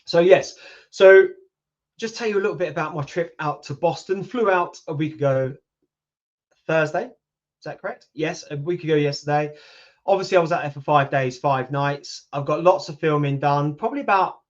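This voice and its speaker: On a lo-fi livestream, a man in his fifties from the United Kingdom hosts his YouTube channel, replying to viewer comments in easygoing chat. His British-accented voice is fairly high, and he talks at a moderate pace.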